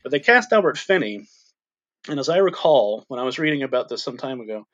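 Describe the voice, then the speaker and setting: Male podcast co-host, middle pitch, bright tone, hesitant and reflective. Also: lively intonation, a little fast, dull audio. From Irish extraction. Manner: thoughtful, hesitant, many fillers. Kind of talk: casual film discussion.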